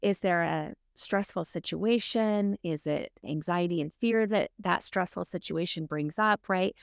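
A woman co-hosting a talk podcast in a relaxed, conversational way. She tells stories by acting out both sides of a dialogue and peppers her speech with "like" and "right?". The sound is close and dry, with no room echo. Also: on the low side, a little slow, gravelly. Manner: storytelling, reenacts dialogue with frequent "like" and "right?". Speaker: podcast co-host. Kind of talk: casual chat.

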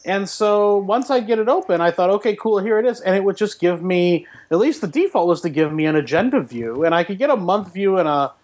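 Animated, wry man chatting about tech. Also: sits high, brisk, few pauses. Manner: animated, wry and self-mocking. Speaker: podcast co-host, professor. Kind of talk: casual tech chat.

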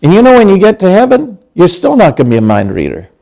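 Older male pastor in his sixties, slightly high voice; chatty, humorous sermon delivery with acted-out quotes. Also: wildly swooping pitch, fast talker, gravelly, warm tone. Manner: conversational, humorous, acts out quoted lines.

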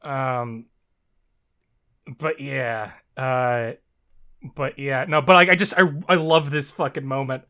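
Taking it slowly and pausing often, this male podcast co-host chats about a story in a clean, bright, mid-range voice with a steady tone. He laughs a lot, swears often, and fills his speech with fillers.

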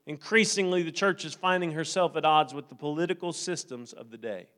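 High-voiced man preaching a sermon. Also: brisk, a bit bright. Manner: conversational, building to fervent preaching. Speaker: pastor.

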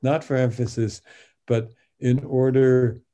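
An older man speaking as a guest in a podcast interview, halting with many fillers and restarts. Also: mid-range voice, steady tone, warm tone. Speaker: guest translator of biblical poetry.

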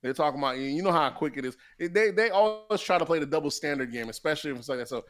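A man co-hosting a podcast, talking in a quick, tumbling rush. His voice sits a little high for a man, and his casual banter is loose, argumentative and full of swearing. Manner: fast, animated, swears freely. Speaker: podcast co-host. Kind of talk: casual chat.

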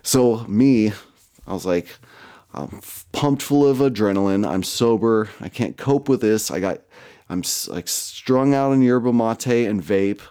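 A man's voice: lowish voice, expressive, a little slow, mellow. A man casually telling a personal story, rambling and profane, with lots of fillers and self-mocking asides.

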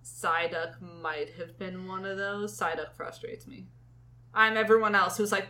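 A woman's voice: on the low side, steady tone, unhurried, pushed and bright. A woman co-hosting a podcast, chatting casually in a playful, teasing way and giggling often. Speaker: podcast co-host. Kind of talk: casual chat.

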